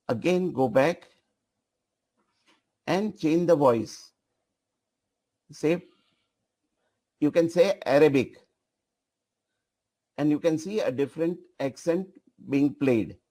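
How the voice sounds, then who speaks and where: A man leads a software training session, directing an assistant and repeating his phrases as he goes. He speaks slowly with a fairly high but mellow tone. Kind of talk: live software demonstration.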